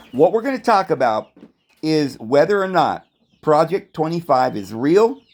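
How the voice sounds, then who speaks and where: A man's voice: fairly high pitch, darkish tone, no room sound. A man giving a sardonic, meandering video commentary.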